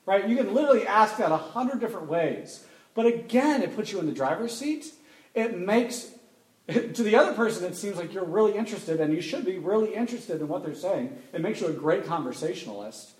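A man speaking to a live audience, animated and emphatic, firing off rhetorical questions and repeating key points. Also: high voice, brisk. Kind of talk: live talk with call-and-response. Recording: echoey room.

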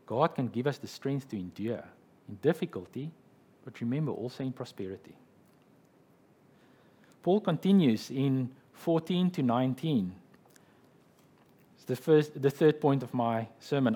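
A man's voice: mid-range voice, lively intonation, moderate pace, long pauses, mellow, husky. A man preaching a sermon as pastor, explaining scripture and retelling a story in an explanatory way, often checking in with "okay" and "right".

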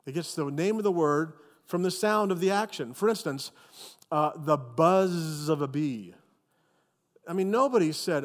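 A male pastor preaching a sermon with animated, emphatic storytelling. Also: a little high, unhurried, in a large hall.

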